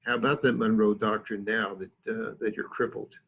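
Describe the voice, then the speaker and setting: A man's voice: on the low side, level tone, normal speed, gravelly, a bit bright, breathy edge, lo-fi sound, full character voice. A man voicing a wise old male English lion from a cartoon, speaking in a condescending, haughty way.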